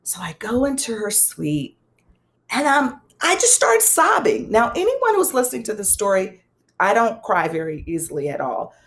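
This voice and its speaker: A woman with a mid-range voice and a gravelly, fry-tinged edge tells a personal story as an interview guest. She is animated and conversational, slipping into the voices of the people she quotes, with wry self-deprecating humor. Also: moderate pace. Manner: animated, acts out quoted dialogue with big pitch swings. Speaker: guest, psychologist and pastor.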